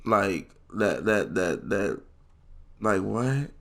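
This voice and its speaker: Here a young man tells a humorous tale from back in school, casual, slangy and full of profanity, switching to squeaky voices to imitate the people he quotes. His delivery is expressive and extremely slow, with a fairly bright tone.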